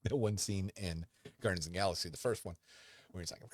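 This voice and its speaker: Very deep husky-voiced man rambling. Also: no echo. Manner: rambling, halting, talks fondly to his dog. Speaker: podcast host. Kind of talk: casual rambling livestream chat. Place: home. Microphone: desk microphone.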